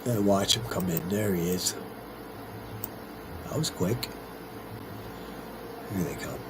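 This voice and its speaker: Over a noisy background, a middle-aged man with a deep voice speaks slowly but with lively intonation. He's a let's-play host rambling through his strategy game, chatty and muttering to himself as he goes.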